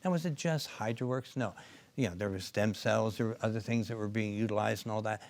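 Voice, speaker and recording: A man's voice: lowish voice, brisk, darkish tone. A man co-founder and clinician telling stories in an interview, rambling with many asides and restarts. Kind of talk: interview storytelling.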